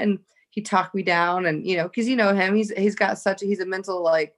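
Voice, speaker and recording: A young woman guest speaks in a lower voice and tells her stories in an eager, rambling way, full of fillers and restarts. It sounds like relaxed, casual chat. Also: fast talker. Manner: lively storytelling, many likes and restarts. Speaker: fighter guest.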